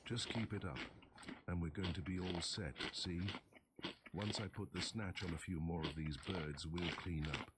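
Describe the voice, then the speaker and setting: A man's voice: sits low, fairly even intonation, a little slow, very noisy. A man reading aloud, voicing a slim, harsh gangster boss who talks in 1930s tough-guy slang, with keyboard typing behind. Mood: smug.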